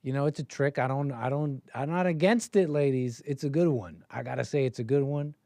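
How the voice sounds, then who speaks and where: A man's voice: medium pitch, brisk, warm tone, no echo. A man hosting a live stream, reacting to a video clip in casual, sarcastic and rambling commentary that often repeats itself.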